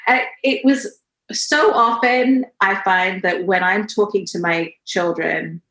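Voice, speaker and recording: A woman's voice: medium pitch, slow pace. A woman in her forties, a podcast guest, talking earnestly and with feeling in a casual conversation. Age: 40s. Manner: earnest and emotional, animated storytelling. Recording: roomy echo.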